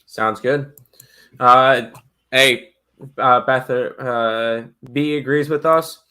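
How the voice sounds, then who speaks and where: A man co-hosting a sports betting live stream, reading viewer questions and running through housekeeping in a relaxed way with many fillers. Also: mid-range voice, very slow. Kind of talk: casual live-stream chat.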